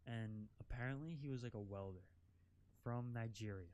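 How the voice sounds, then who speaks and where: A young man vlogs a casual storytime while driving an off-road vehicle, rambling, swearing, and saying "like" constantly. His voice is medium-pitched and a little mellow, at a moderate pace, and the audio sounds dull.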